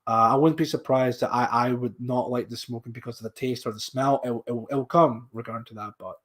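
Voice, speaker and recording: A man's voice: medium pitch, steady tone, fairly quick. A man from Scotland with a mild Scottish accent, hosting a podcast and chatting casually while reading out viewer comments. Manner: rambling, with frequent restarts and fillers. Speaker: podcast host.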